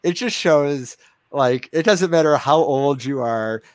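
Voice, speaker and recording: A man's voice: fairly high pitch, unhurried, no room sound, clean studio sound. A man hosting a casual interview, chatty, with many fillers and restarts and frequent laughter. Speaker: interview host.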